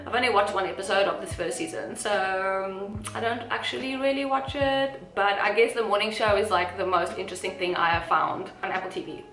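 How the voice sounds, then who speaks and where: A woman's voice: medium pitch, steady tone, moderate pace, sharp tone. A young South African woman chatting casually to camera as a vlogger, rambling with giggly asides. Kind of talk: casual chat. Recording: echoey room with faint music.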